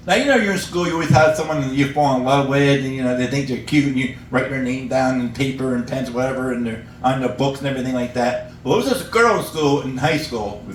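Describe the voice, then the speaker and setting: A man's voice: mid-range voice, echoey room, far from the mic, a little hiss or hum, low-quality recording. A middle-aged man from upstate New York doing an open-mic stand-up set at a cafe, telling stories, laughing at his own jokes and acting out characters and animal noises. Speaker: stand-up comedian.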